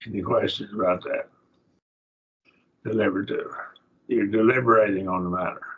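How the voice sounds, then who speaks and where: A plainspoken, folksy man, a preacher, teaching a slow Bible Greek grammar lesson to a class. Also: on the low side, steady tone, slightly rough. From rural. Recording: dull lo-fi classroom recording.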